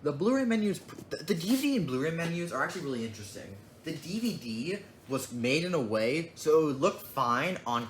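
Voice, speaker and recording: A young man casually showing off his disc collection, rambling in an offhand way and muttering asides. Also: mid-range voice. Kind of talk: casual unboxing vlog. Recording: echoey room with clear background noise.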